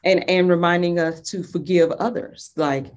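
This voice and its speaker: A woman's voice: fairly low pitch, steady tone, normal speed, slight background noise. A woman co-hosting a faith talk, reading scripture and asking her co-host questions. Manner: reads scripture steadily, then asks questions, affirms with quiet mm-hmms. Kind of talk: Bible reading and casual faith chat.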